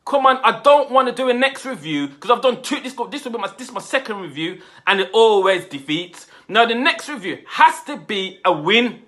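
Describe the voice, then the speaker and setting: A man's voice: high voice, animated, brisk, hardly any pauses, bright, forceful tone. A man in his forties venting an angry, exasperated rant about his football team. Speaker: football fan reviewer.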